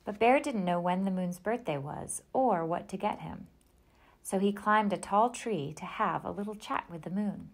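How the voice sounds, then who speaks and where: A woman reading a children's picture book aloud in a gentle storytelling manner. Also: mid-range voice, moderate pace.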